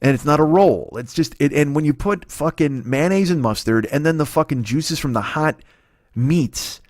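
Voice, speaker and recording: A man in his forties hosting a comedy podcast, telling a story in a profane, animated, exaggerating way. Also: a little high, normal speed, dry recording, studio quality. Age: 40s.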